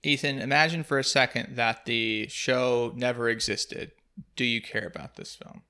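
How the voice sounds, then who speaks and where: A man's voice: medium pitch, steady tone, normal speed, bright, forceful tone, smooth. A man hosting a podcast, discussing a film in a thoughtful, analytical way and asking leading questions. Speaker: podcast host.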